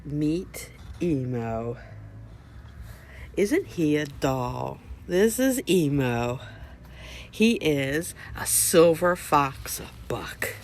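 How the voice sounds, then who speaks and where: A woman, her voice sitting a little low, walks her viewers through her farm's rabbit hutches outdoors. She talks in an unhurried, drawn-out way, chatty and homespun, and softens into a coo when she speaks to the animals. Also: lively intonation, a little hiss or hum. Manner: chatty, cooing softly at animals. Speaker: homesteader showing new rabbits. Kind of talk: casual vlog walk-through.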